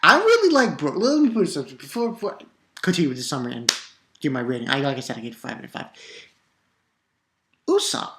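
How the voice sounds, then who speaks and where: A woman with a notably low voice reviews a manga chapter for her channel. She talks in a loose, excitable ramble, swears freely and restarts her sentences often. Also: racing. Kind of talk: casual video review.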